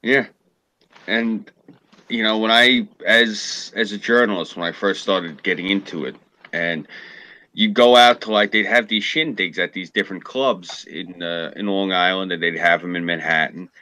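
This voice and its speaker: A fairly low-pitched man rants in casual political chat, swearing freely and slipping into mocking impressions of people he dislikes. His voice is bright and forceful, and it is recorded close and dry with no room sound. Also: moderate pace, no echo. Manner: profane, ranting, mocking impressions. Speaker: podcast co-host, former journalist.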